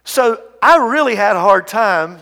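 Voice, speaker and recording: A man preaching from a church pulpit in a high, earnest voice. His delivery drops to a hush and then climbs again, and he often repeats his words. The sound trails off into the long reverb of a large hall. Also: animated, a little slow. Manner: earnest, swings between hushed and loud, repeats words. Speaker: pastor. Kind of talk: sermon. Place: church sanctuary.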